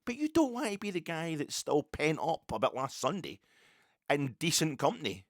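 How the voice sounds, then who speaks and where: Rambling Scottish man, animated. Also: a little high, normal speed, no room sound, studio quality. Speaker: podcast host. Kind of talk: solo fan podcast rant.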